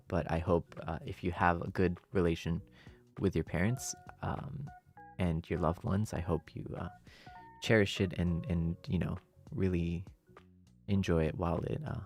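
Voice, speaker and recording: A man's voice: deep voice, darkish tone. A young adult man streaming and chatting casually with his viewers, rambling through his thoughts with many fillers and breaking into playful melodrama.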